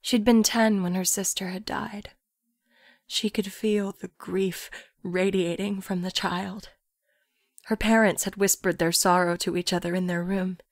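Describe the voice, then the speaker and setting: A woman narrates a literary story in a soft, hushed voice that often sinks toward a whisper. She reads slowly and evenly, and the recording is close and dry, with no echo. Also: medium pitch, fairly even intonation. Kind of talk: audiobook story reading.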